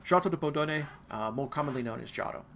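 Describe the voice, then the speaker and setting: American man, lecturer, bright tone, digressive, slight background noise. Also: on the high side, fast talker. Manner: casual, digressive, with asides and fillers. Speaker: art history lecturer. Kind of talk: recorded university lecture.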